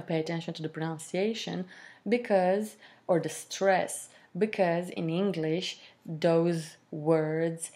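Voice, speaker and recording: A woman teaching a French lesson, explaining slowly with fillers and modelling pronunciation. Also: on the low side, darkish tone. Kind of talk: language lesson.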